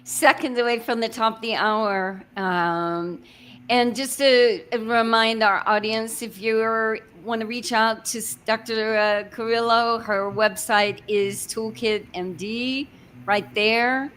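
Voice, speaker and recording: A woman's voice: a little high, fairly even intonation, takes it slowly, fairly bright tone, slight background noise. A woman from Arizona hosting a livestream interview, friendly and a little hesitant, with many small fillers. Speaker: host.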